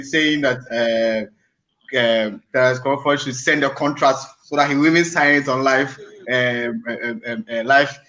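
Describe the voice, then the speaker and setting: A man hosting a panel talk show, asking questions with many fillers and pauses. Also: medium pitch, bright, forceful tone. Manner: hesitant, filler-heavy questions. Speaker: show host. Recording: dull lo-fi sound.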